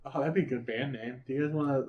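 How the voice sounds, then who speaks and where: A man's voice: medium pitch, fast talker, muffled recording. A young man co-hosting a podcast, firing off incredulous, swearing questions in a casual chat. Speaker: podcast co-host. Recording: roomy echo.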